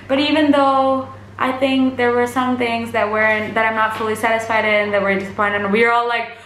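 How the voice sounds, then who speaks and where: A woman's voice: fairly high pitch, little pitch movement, fairly quick, a bit bright, roomy sound, slight background noise. A woman vlogger retelling a concert in a gushing, chatty way, full of fillers. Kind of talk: casual storytelling to camera.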